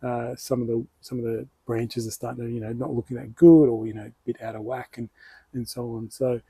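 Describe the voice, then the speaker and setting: A man's voice: medium pitch, level tone, fairly quick, vocal fry, warm tone, breathy edge. A man with an Australian accent hosting his own bonsai channel, explaining tree care in a casual, rambling way that often corrects itself. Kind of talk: casual hands-on tutorial.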